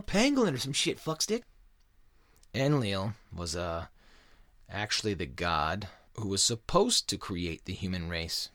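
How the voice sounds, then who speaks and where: A man's voice: medium pitch, a bit bright, no echo, clean studio sound. A man hosting a casual podcast, talking in a profane, rambling and sarcastic way. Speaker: podcast host. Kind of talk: casual chat.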